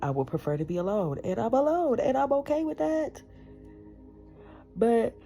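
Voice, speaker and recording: A woman's voice: sits high, a little mellow. A woman in her thirties talking bluntly to camera in a candid personal monologue, emphatic and full of profanity. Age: 30s. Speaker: vlogger.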